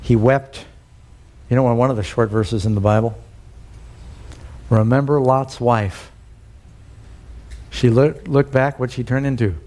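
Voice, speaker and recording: A man's voice: mid-range voice, fairly even intonation, a little slow, long pauses, darkish tone. A man preaching a sermon, telling a story and putting questions to the congregation. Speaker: pastor.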